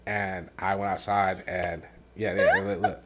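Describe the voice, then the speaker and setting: Deep-voiced man telling a hard story. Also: wildly swooping pitch, slight background noise. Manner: halting, many fillers and restarts; softens and drops low on painful parts. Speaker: podcast host. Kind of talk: candid personal storytelling.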